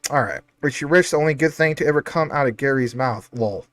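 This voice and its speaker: A man's voice: medium pitch, fast talker, fairly bright tone. A man hosting a casual livestream, reading out chat comments in an upbeat, chatty, jokey way. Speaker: livestream host.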